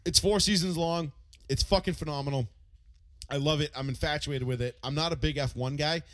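A man's voice: a little high, brisk, fairly bright tone, no room sound. A man in his thirties from the United States, co-hosting a podcast in loose, profane, rambling casual chat full of fillers. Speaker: podcast co-host.

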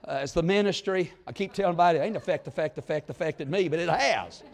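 A man preaching a revival sermon in a fervent, folksy style. His delivery swings between loud exclamations and low, drawn-out asides. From southern United States. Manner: folksy, plain-spoken country talk.

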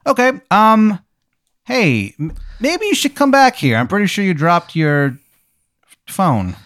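A goofy male doctor, breezy and chummy but easily rattled into panic, as a man puts him on. His voice rides higher than plain speech, recorded dry and close. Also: big pitch swings, unhurried, a bit bright, dry recording, full character voice. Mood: flustered.

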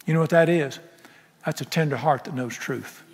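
A middle-aged pastor, preaching a folksy, impassioned sermon that swings from loud to soft. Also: male voice, on the high side, moderate pace, breathy edge. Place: large church sanctuary. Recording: echoey sanctuary with long reverb.

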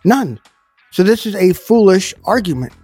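A man's voice: high-pitched, very animated, normal speed, warm tone, slightly rough, no echo, soft background music. A man giving informal Bible teaching in a plainspoken, conversational, emphatic way.

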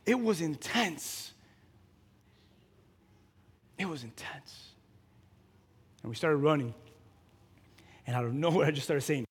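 Man, pastor, high voice, sermon storytelling, echoing hall. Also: animated, measured pace, long pauses, husky. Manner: builds from quiet storytelling to loud preaching. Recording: long hall reverb.

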